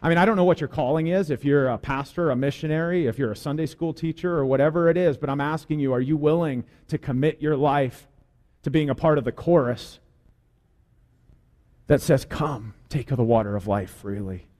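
A man's voice: fairly high pitch, fairly quick, a little mellow. A man preaching a sermon as pastor, putting earnest, direct questions to his congregation.

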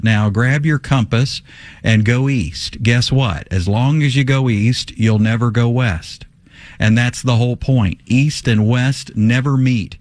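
A man with a mid-range voice teaches on a call-in radio show, talking a caller through her question. He is emphatic and fires off rhetorical questions, but stays conversational, with plenty of "uh" fillers. The sound is dry and close, with no room echo. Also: medium pitch.

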